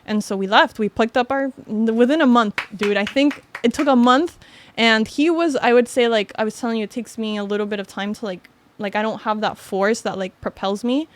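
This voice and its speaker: A young Miami woman, appearing as a podcast guest, tells a story in casual chat, her slightly high voice moving a little fast. She's animated, saying "like" constantly and laughing often, with slight background noise behind her.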